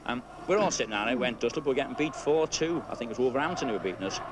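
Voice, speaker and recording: A man's voice: medium pitch, expressive, racing, background noise. A man, an interviewed fan, telling a rambling anecdote in a casual way. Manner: rambling storyteller.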